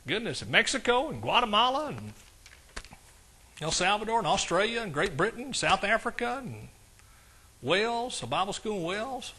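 Forceful preacher, high bright voice. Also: male voice, very animated, normal speed, a little hiss or hum. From East Texas. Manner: folksy storytelling that builds to fervent exclamations. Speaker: pastor. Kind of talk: sermon testimony. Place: church service.

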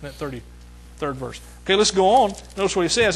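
A man's voice: high voice, expressive, fairly quick, slight background noise, low-quality recording. A middle-aged man preaching a sermon, emphatic, repeating his phrases and calling out to the congregation.

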